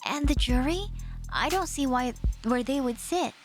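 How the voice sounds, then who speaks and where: Woman doing a curious young sidekick girl in a story game, high soft voice, music playing behind. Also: unhurried. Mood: questioning. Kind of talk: reading a story game aloud.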